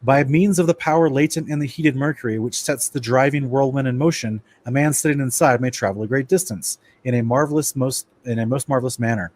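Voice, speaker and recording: A man presents a casual lecture-style Bible study in an animated, conversational way. His voice sits in an ordinary middle pitch. He talks straight to his listeners as guys and trips over words as he reads from his notes. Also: a little fast, few pauses. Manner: animated, addresses listeners as guys, stumbles and restarts while reading.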